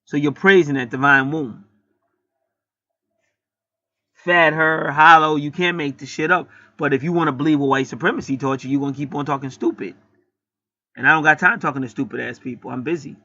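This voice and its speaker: A man's voice: a little high, fairly even intonation, fast, bright, forceful tone, no room sound, muffled recording. A man, preaching a blunt, profane spiritual teaching monologue that builds to heated outbursts.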